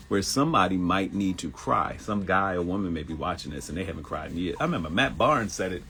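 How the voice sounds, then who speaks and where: A man in his thirties hosting a live motivational talk show, animated and laughing, who mimics people in high voices. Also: fast talker, few pauses, a little hiss or hum. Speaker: host.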